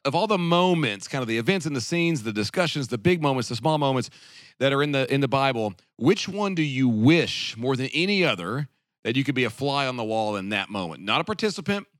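Man, podcast host, casual rambling chat, laughs a lot, medium pitch, dry close sound. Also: lively intonation, brisk, a bit bright, dry recording. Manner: rambling, laughs often, trails off in restarts.

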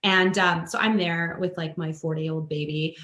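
A woman from Canada, a guest on a podcast, telling a story in a casual way and acting out the people she quotes with big jumps in pitch. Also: fairly even intonation, unhurried, fairly bright tone. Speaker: guest, influencer and author. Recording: roomy echoing room.

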